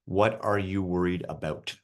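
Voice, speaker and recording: Speaking at a normal speed in a low-pitched, steady tone, a mental coach for youth hockey leads a group video call. His manner with the young players is relaxed and encouraging, and he keeps asking them questions.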